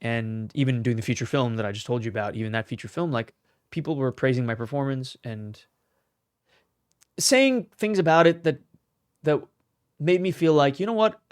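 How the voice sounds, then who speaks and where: A young man from Canada, an actor telling animated stories in a casual interview. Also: mid-range voice, moderate pace, pauses often, clear, resonant tone, dry recording, studio quality. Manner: animated, acts out quoted lines. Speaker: actor, podcast guest.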